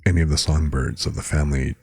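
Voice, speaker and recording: A man's voice: rumbling low, fairly even intonation, fast, creaky, a little mellow, breathy edge. A man streaming live, chatting casually with viewers and reading out words with their definitions.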